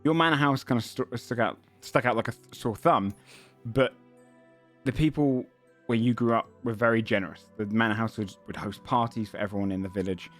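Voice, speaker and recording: A man narrating a tabletop fantasy game as game master, halting with frequent ums and self-corrections. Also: mid-range voice, soft background music.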